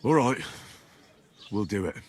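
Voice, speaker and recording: An actor voicing a plainspoken young hero with an easygoing, agreeable manner. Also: male voice, on the low side, expressive, measured pace, slightly rough. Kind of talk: video game voice acting.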